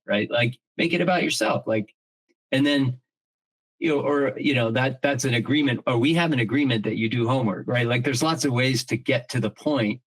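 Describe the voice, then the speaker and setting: A middle-aged man with a medium-pitched, slightly fast voice co-hosts a podcast over a rough recording. His casual talk is earnest and reflective, full of restarts as he thinks aloud, with the odd swear word dropped in.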